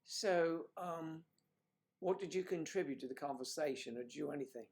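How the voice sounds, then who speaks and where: A man's voice: fairly high pitch, moderate pace, a little mellow. A man hosting a casual livestream, chatting and teasing viewers with jokey asides. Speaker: livestream host. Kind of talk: casual chat reading viewer comments.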